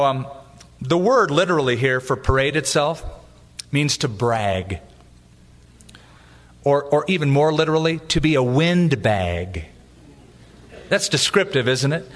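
A man preaching a sermon as a pastor, animated and joking, acting out little asides. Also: mid-range voice, unhurried, long pauses, in a large hall.

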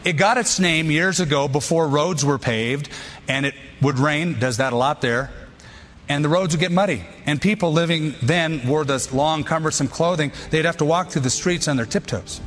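A man preaching a sermon in short, punchy bursts that he often repeats for emphasis. His voice sits a bit high for a man. Long reverb trails off each phrase, like a large hall. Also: normal speed, fairly bright tone, a little hiss or hum. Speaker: pastor.

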